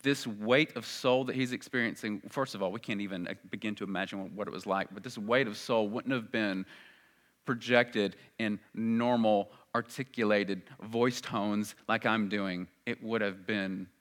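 A man preaching a sermon in an earnest voice that swells loud and high at emphatic moments. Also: steady tone, normal speed.

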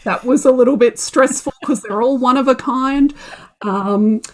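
A woman telling an animated story about her shop launch in a casual chat, laughing and acting out her own reactions. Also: high-pitched, normal speed. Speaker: guest, small shop owner.

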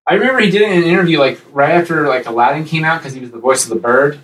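Man, casual podcast chat, rambling, animated impressions, a little distant from the mic. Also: rapid-fire, reverberant. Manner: rambling, animated, jumps into high-pitched impressions. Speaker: podcast co-host.

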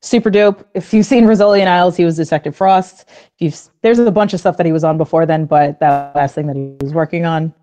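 A woman's voice: low voice, fairly even intonation, fast, warm tone. A woman, a comic book writer and podcast guest, chatting casually and gushing about her characters with lots of fillers and laughs.

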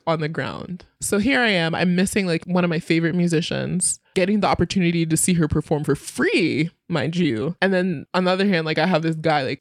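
A woman's voice: lowish voice, creaky, no room sound, studio quality. A young woman frankly telling her own story in casual, candid speech, full of fillers and swearing.

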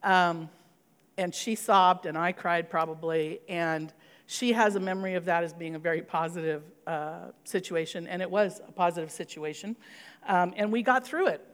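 A woman's voice: lowish voice, normal speed, in a large hall. A middle-aged woman pastor giving an earnest sermon, telling a personal story and leading into prayer.

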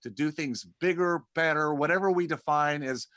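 A man's voice: on the high side, moderate pace, pushed and bright, dry recording. A man speaking as a guest in a conversational interview, rambling and often repeating words as he starts his sentences. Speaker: podcast guest, dentist and community founder.

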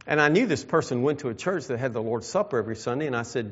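A man preaching a sermon, reading scripture and slowing down to stress key phrases. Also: medium pitch, expressive, slightly rough. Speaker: pastor. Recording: dull lo-fi sound.

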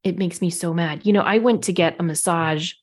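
A woman co-hosting a casual talk show, telling stories in an indignant, animated way. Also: on the low side, a little fast, husky. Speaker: podcast co-host. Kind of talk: casual chat.

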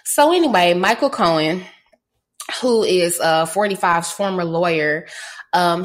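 A woman hosting a podcast in casual chat, blunt, sarcastic and full of profanity. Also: medium pitch. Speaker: podcast host.

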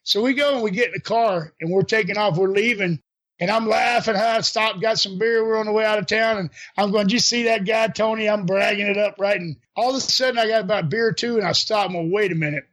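An older man, a former wrestler, telling animated stories in a casual chat, quoting people and laughing as he goes. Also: high-pitched, brisk. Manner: animated anecdotes with laughs and voiced quotes. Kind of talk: casual storytelling.

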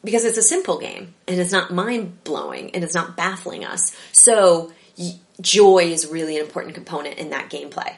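A woman talking casually as an interview guest about improv, animated and rambling with lots of fillers. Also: fairly low pitch, normal speed, vocal fry.

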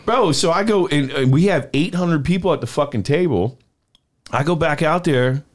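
A man telling a story in casual podcast chat, animated, swearing and laughing as he goes. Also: a little high, moderate pace.

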